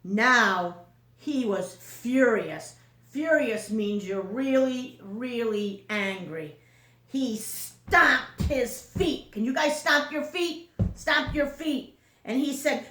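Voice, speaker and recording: Slow, echoey storytime teacher woman. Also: fairly high pitch, animated, fairly bright tone. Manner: slow, questioning storytime delivery. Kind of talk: reading a picture book aloud to children.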